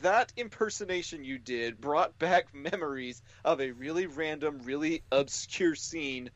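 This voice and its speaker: A man's voice: on the high side, a little slow, lo-fi sound. A man co-hosting a podcast, telling rambling, jokey stories in casual chat. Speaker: podcast co-host.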